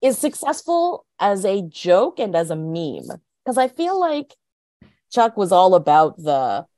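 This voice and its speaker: A woman guest chats frankly over a video call, her pitch swinging lively up and down. She is opinionated and quick to laugh, and the sound is dry with no room echo. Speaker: podcast guest. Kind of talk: casual chat.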